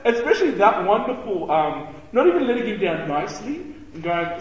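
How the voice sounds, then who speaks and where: A man with a high voice leads a relaxed Bible study, bursting into animated acted-out quotes and jokes with his listeners. He is recorded in a large hall, with long reverb trailing after his words. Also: fairly quick, far from the mic. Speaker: church youth teacher. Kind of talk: casual Bible study teaching.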